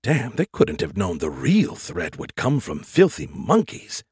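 A man's voice: low voice, huge pitch swings, measured pace, a little mellow, breathy edge, dry recording, studio quality, exaggerated voice. A man voicing a snarky, dramatic male AI with a tiny hologram avatar, whiny and exasperated. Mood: grumbling, scornful.

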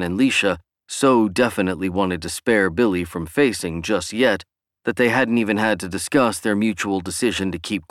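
Audiobook narrator, man, lowish voice, dry close read. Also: dry recording. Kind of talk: scripted narration.

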